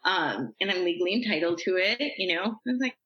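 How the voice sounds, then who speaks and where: A woman guest on a podcast, telling stories from her life in a chatty, animated way, acting out what people said. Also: on the low side, fast talker. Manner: chatty, animated, uses "like" a lot and acts out quotes. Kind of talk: casual storytelling interview. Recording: echoey room, slightly dull sound.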